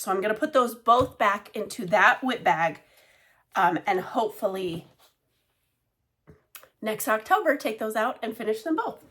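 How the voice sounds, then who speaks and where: A woman's voice: on the high side, fairly bright tone. A woman casually chatting about her cross-stitch projects, rambling with many fillers and side remarks. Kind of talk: casual show-and-tell chat.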